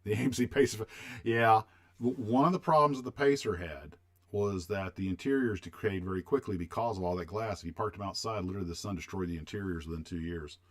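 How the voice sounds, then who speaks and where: Very deep-voiced older man reminiscing. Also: brisk. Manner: rambling, reminiscing, answers chat questions. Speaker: livestream host. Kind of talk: casual chat with viewers.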